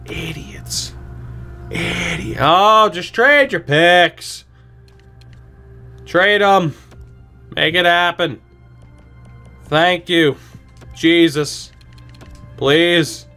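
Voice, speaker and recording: A man commentating a video game, exasperated and pleading, swearing often and dropping sarcastic asides. His voice sits a bit high and sounds bright, and he drags his words out slowly. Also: faint music behind. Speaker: gaming channel host.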